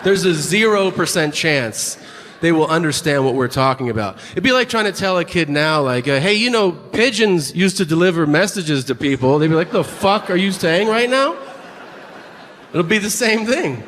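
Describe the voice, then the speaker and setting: A man doing stand-up, wry and profane, slipping into voices for the people in his stories. His voice sits a touch higher than usual, and it rings out in a hall with long reverb over faint ambience. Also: animated, normal speed, fairly bright tone, a little hiss or hum. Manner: wry, profane, acts out quotes. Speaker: stand-up comedian. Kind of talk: stand-up storytelling.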